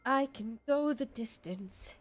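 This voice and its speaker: A woman voicing a gruff male guildmaster as she reads game dialogue aloud on a stream, pushing her voice down to sound rougher. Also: on the high side, slow pace, faint music behind. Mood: instructive. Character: gruff male guildmaster, brusque then welcoming.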